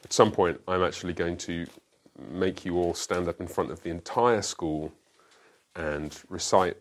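A man who is a pastor, teaching a school Bible class in a classroom, explaining emphatically and asking rhetorical questions. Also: low-pitched. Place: classroom with a whiteboard.

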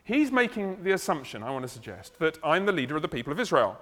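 A man delivers a teaching sermon, breaking a passage down in plain, conversational talk with casual asides. His voice sits a little high for a man. The sound carries a long reverb, as in a large hall. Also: very animated, fast talker, fairly bright tone. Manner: conversational, explaining, slips into acted asides. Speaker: preacher. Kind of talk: expository sermon.

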